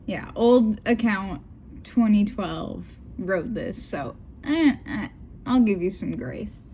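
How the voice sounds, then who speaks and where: A woman's voice: mid-range voice, animated, takes it slowly, mellow, slight background noise. A young woman reading fanfiction aloud with giggly, joking asides. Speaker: vlogger.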